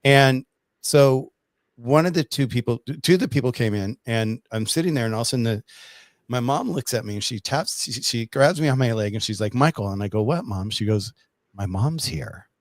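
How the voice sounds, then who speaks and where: A man telling a long personal story in casual talk, rambling and animated, with many restarts. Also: mid-range voice, fairly quick, no echo.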